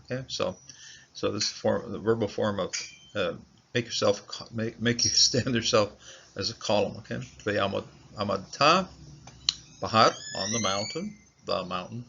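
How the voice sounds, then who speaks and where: A man teaching a Bible passage word by word in a halting, informal way, sounding out Hebrew words and checking in with "okay?" after each point. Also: on the low side, gravelly. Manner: halting, many fillers and repeated "okay?" checks. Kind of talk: informal verse-by-verse lesson. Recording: dull, lo-fi recording with faint noise.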